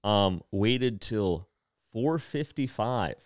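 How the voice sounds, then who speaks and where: A man in his twenties, a comedian co-hosting a podcast, telling a work story in an animated, profane way. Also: lowish voice, extremely slow, no room sound, clean studio sound.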